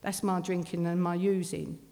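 A woman's voice: on the low side, level tone, normal speed, creaky, mellow. A middle-aged woman telling a blunt, swearing personal recovery testimony. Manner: blunt, swearing, working-class London speech. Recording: long reverb of a hall.

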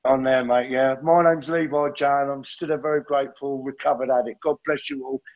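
A man's voice: medium pitch, fairly even intonation, fairly quick, muffled recording. A man sharing his recovery story at a meeting, earnest and heartfelt, often calling listeners "mate". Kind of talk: personal testimony at a recovery meeting.

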